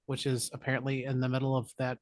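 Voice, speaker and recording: Animated man recapping a movie. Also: mid-range voice, fast, no echo, clean studio sound. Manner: animated, jokey retelling with put-on character lines. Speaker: podcast co-host. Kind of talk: casual movie recap chat.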